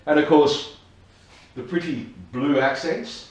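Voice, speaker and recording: A man's voice: mid-range voice, animated, moderate pace, reverberant. An Australian man giving a chatty, jokey product review at home, swearing casually and repeating a running gag. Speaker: scooter reviewer. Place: home dining room.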